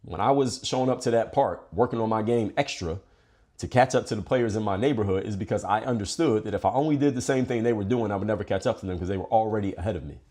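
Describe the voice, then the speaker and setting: Fast-talking, blunt, profane man. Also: fairly low pitch, mellow. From Philadelphia. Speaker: podcast host. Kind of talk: blunt motivational monologue.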